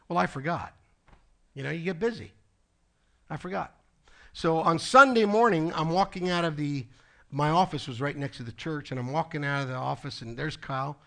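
A man's voice: on the high side, normal speed, gravelly, fairly bright tone. A middle-aged man preaching a sermon as pastor, telling a personal story with casual asides to his congregation. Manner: storytelling preacher, conversational asides like "okay?" and "folks".

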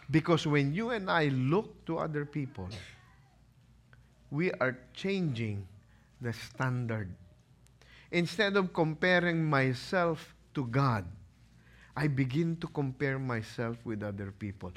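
A man's voice: medium pitch, expressive, slow pace. A male pastor preaching a sermon and telling the story dramatically.

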